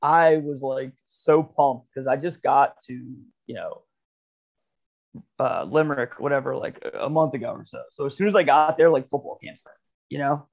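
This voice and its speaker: A man's voice: mid-range voice, normal speed, creaky. A man co-hosting a podcast, telling a rambling, profane story in casual chat and laughing often. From Philadelphia area. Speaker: podcast co-host. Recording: dull lo-fi podcast audio.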